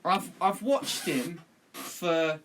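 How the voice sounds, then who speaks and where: A man's voice: fairly high pitch, animated, drawn-out words, very noisy. A man hosting a casual football podcast, talking passionately and emphatically with some swearing. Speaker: podcast host.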